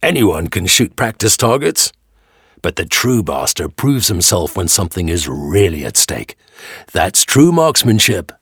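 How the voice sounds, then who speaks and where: A man voicing a cruel, arrogant bailiff who shouts mocking orders in an audio storybook. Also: fairly high pitch, sing-song, moderate pace, vocal fry, no room sound, studio quality, voice pushed up, full character voice. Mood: taunting. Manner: shouting, taunting, commanding.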